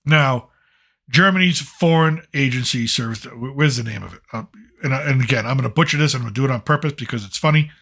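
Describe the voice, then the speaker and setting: A man's voice: medium pitch, quick pace, a bit bright. A man hosting a late-night commentary show, ranting in a blunt, sarcastic, rambling way with some profanity.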